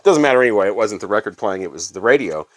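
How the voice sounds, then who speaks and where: Rapid-fire and expressive, his voice sits on the low side. The speaker, a middle-aged Illinois man who used to be on radio staff and collects records, rambles through casual vlog stories full of fillers.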